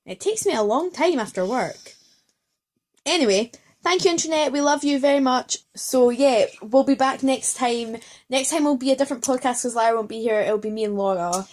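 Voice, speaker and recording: Young woman, podcast host, a bit drunk; loose, rambling, profane chat, higher pitch. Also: normal speed, a little mellow. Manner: rambling, swears freely. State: tipsy. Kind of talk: casual chat.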